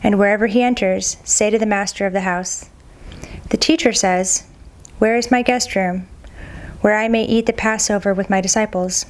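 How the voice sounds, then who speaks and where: A woman reading scripture aloud at a steady, measured pace, sometimes stumbling on a hard name and repeating it. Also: mid-range voice. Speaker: Bible reader.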